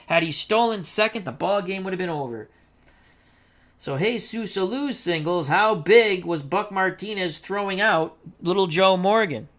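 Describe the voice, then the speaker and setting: With a high voice and a moderate pace, a man narrates a tabletop baseball dice game for viewers. He's chatty and excitable, filling the gaps between rolls with rhymes and remarks to chat.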